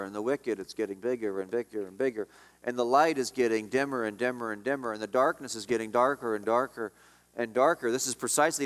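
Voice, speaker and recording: A man's voice: medium pitch, long reverb tail. A man preaching a sermon as pastor, emphatic and repetitive, often dropping his voice on key lines.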